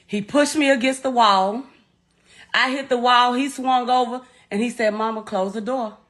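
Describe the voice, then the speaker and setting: A woman's voice: on the high side, steady tone, moderate pace, a bit bright. A middle-aged woman, a grieving mother telling a blunt, profane first-person account. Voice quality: blunt, profane, raw-voiced storytelling. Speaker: bereaved mother recounting events.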